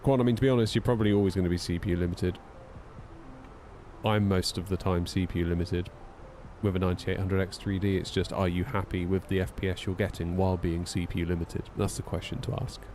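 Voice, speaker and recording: Chatty man, low mellow voice. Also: little pitch movement, quick pace, slight background noise. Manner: chatty, wry, reads out chat messages. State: yawning, tired. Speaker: flight sim streamer. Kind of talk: casual live-stream chat.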